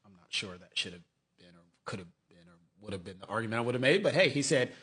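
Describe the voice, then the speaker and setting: A man's voice: mid-range voice, fast. A middle-aged man, a lawyer, giving casual legal commentary and acting out quotes in mocking voices. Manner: animated, mocking, acts out quotes.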